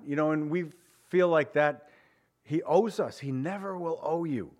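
A man preaching a sermon, moving between raised, emphatic phrases and quiet, slowed ones, and voicing prayers and quoted speech in his own voice. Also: fairly high pitch. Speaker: pastor.

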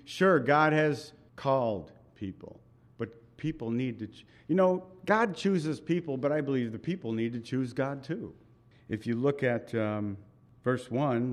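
Man preaching an earnest sermon. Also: fairly high pitch. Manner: earnest, conversational preaching with pauses and asides. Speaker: pastor.

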